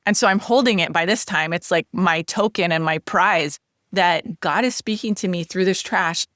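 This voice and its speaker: A woman hosting a podcast lesson, sharing a personal testimony in an earnest, animated way. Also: fairly low pitch, moderate pace, no echo, clean studio sound. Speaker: podcast host teaching Hebrew letters.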